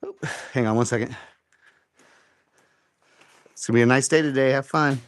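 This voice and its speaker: A man's voice: medium pitch, moderate pace. A man hosting a live home workout, explaining form and counting reps aloud in an encouraging way. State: slightly out of breath. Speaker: fitness host.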